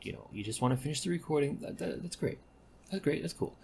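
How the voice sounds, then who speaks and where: A man giving casual gameplay commentary, rambling and correcting himself with deadpan asides. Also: on the high side, fast talker, vocal fry, slight background noise. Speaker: gaming commentator.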